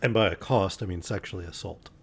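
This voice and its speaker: A man reading a classic novel aloud as a bedtime story on a livestream, measured and unhurried, with casual asides to listeners. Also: low-pitched, breathy edge. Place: home streaming setup.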